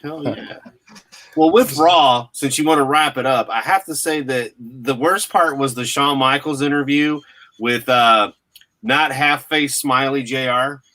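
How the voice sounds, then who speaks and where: A man's voice: medium pitch, a little slow, bright, forceful tone. A man hosting a podcast, chatting in a laid-back, agreeable way. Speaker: podcast host. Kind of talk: casual chat.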